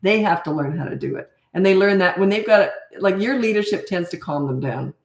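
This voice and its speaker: A woman's voice: fairly low pitch, expressive, brisk, a little mellow. Chatty older woman, blunt and roomy. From Canada. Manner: chatty, blunt, laughs often, loses her thread. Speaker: parenting coach. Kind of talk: casual live Q&A chat.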